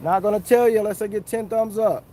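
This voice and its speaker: High-voiced man chatting on a livestream. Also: steady tone, fast, dark tone, slight background noise. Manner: chatty, repetitive, earnest, chuckling. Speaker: fishing livestreamer. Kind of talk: casual live-stream chat. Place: outdoors under a tree.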